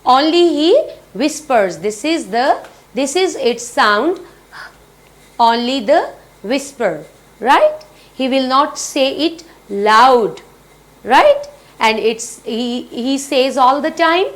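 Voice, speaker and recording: A woman teaching young children their letter sounds, speaking slowly and repeating each word. Her voice sits high, and she answers her own questions as she goes. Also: animated. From Pakistan. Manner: slow, repetitive, asks and answers own questions. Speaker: phonics teacher. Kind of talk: children's phonics lesson.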